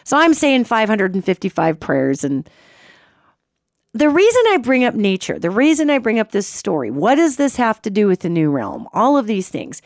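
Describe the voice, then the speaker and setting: A middle-aged woman hosting a radio show, telling a personal story in an expressive way and imitating sounds as she goes. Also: mid-range voice, no room sound, studio quality.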